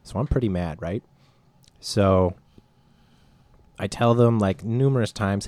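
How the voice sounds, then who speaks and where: A man's voice: on the low side, takes it slowly, long pauses, a little mellow, dry recording. A man chatting casually and telling a joking story, laughing often. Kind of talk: casual comedic chat.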